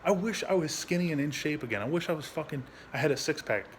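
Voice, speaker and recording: A young adult man, a veteran, talking candidly at home into his phone, frustrated and halting, swearing a lot and restarting his sentences. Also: a little high, lively intonation, a little hiss or hum. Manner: frustrated, rambling, heavy swearing. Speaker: veteran vlogger. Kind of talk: candid personal vlog.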